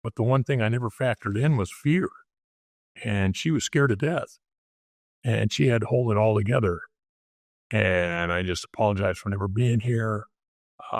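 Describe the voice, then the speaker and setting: A man's voice: fairly low pitch, dry recording, studio quality. An older man, a retired detective, telling candid stories as an interview guest. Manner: plainspoken, candid storytelling. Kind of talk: casual interview storytelling.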